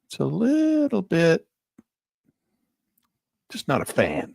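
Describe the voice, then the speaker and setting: A man with a gravelly voice teaches a live trading session over a headset mic. He chats casually and thinks aloud as he moves through charts. The sound is dry and close, with no room echo. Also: a little high, huge pitch swings, slow, darkish tone. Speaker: trading instructor. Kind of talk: live screen-share trading lesson. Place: small office near a parking lot.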